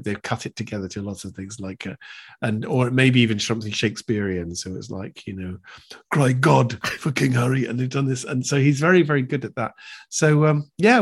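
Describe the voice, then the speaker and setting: An older man chats as an interview guest, rambling and animated. His voice has a husky texture at a middling pitch. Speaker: guest impressionist. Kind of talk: casual interview chat.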